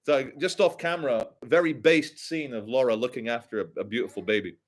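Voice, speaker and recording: A man's voice: mid-range voice, a little fast, few pauses. A man giving loose, crude commentary on a live stream, reading out donations and chat as he goes. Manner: crude, rambling, animated storytelling.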